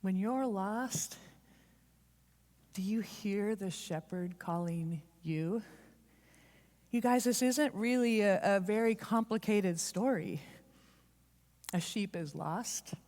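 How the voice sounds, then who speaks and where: A woman giving a heartfelt, confessional storytelling sermon at church, speeding up and slowing down for emphasis. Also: mid-range voice, a little mellow. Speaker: church speaker. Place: church sanctuary. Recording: long reverb of a large hall.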